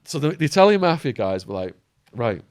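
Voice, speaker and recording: A man telling prison stories as a podcast guest, acting out quotes and laughing, his voice going hoarse. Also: a little high, quick pace. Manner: animated storyteller, acts out quotes, laughs. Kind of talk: storytelling interview.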